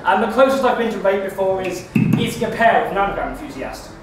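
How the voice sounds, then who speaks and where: A young-sounding stand-up comedian with a high voice races through a rambling, deadpan story in his set, stammering and restarting as he trips over his words. He's miked from a distance on a very echoey comedy club stage with a noisy background.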